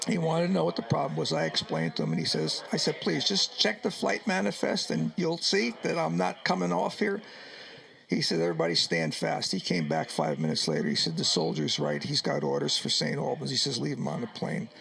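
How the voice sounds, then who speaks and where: An older man from New York tells his war memories on a radio interview. His voice is gravelly and sits a little high, and he acts out each exchange of dialogue. At times he gets choked up. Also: fairly quick. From New York, United States. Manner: animated storyteller acting out dialogue. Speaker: Vietnam veteran guest.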